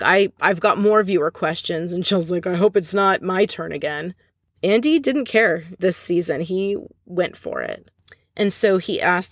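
A woman hosting a podcast, retelling reality-show drama in a gossipy, animated way and quoting the people she talks about. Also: medium pitch, no room sound, clean studio sound. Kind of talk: casual chat.

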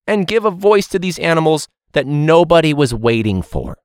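A man's voice: fairly high pitch, moderate pace, hardly any pauses, clear, resonant tone, no room sound, studio quality. A man hosting a casual podcast, rambling into sarcastic rants with frequent laughs and swearing. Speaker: podcast host. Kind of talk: casual ranting monologue.

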